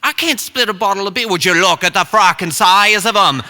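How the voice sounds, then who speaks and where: A loud, foul-mouthed young Irish bruiser, as a male storyteller puts him on in a put-on Irish accent. The voice climbs high and hard-edged, jeering and shouting. It rings through a hall with a long tail of reverb. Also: fairly quick. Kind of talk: live storytelling performance.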